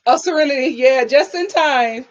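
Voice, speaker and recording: High-voiced woman chatting on a livestream. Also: moderate pace, muffled recording. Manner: chatty, talks to her live chat, sings greetings. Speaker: YouTube reality-TV reviewer. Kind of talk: casual live-stream chat.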